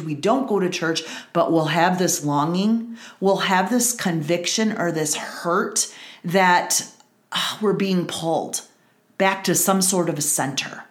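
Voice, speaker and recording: A woman's voice: on the low side, echoey room. A middle-aged woman hosting a Bible study, giving an earnest personal testimony and repeating phrases for emphasis.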